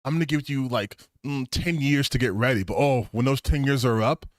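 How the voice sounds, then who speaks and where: A man's voice: mid-range voice, a little fast, dry recording. A man in his thirties hosting a gaming stream, giving casual reaction commentary in a sarcastic, laughing manner and swearing freely. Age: 30s.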